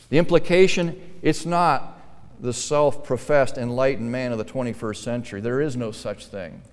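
A pastor delivers his sermon in a smooth, resonant man's voice, with a long reverb trailing each phrase through the hall. He moves from soft, low asides to loud, pressing lines that drive each point home. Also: moderate pace. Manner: emphatic preaching, swinging between quiet asides and forceful stressed lines.

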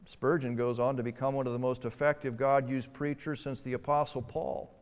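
Pastor guy preaching, smooth resonant voice, builds up loud then goes quiet, big hall echo. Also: mid-range voice, level tone, fairly quick. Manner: emphatic preaching with rising and hushed passages. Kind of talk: sermon. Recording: long hall reverb.

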